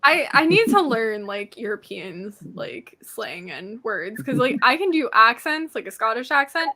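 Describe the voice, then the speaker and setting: Chatty bright-voiced woman. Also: a little high, very animated, unhurried. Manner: chatty, laughs often, many fillers. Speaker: radio show host guest. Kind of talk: casual chat.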